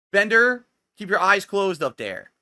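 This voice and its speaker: Male streamer, high voice, boastful and mocking, lots of swearing. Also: very animated, takes it slowly, bright, forceful tone, dry recording. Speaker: livestreamer. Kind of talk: livestream rant.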